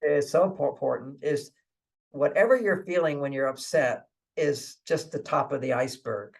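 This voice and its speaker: Speaking at a normal pace in a slightly high, darkish voice, a man appears as a guest author on an interview show. His relationship advice comes across conversationally, full of chuckles and repeated "okay"s, and he voices inner thoughts as if quoting them.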